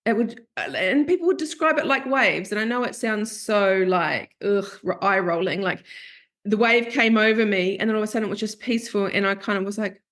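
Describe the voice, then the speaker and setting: This therapist and podcast host has a mid-range, somewhat bright voice and speaks a little quickly. In a candid podcast conversation, she tells open, confessional stories and performs the lines people once said.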